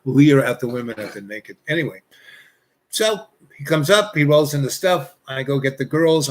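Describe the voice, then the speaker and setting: A man's voice: mid-range voice, a bit bright. A man telling a casual anecdote, rambling and filling his sentences with "you know" and restarts. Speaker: storyteller.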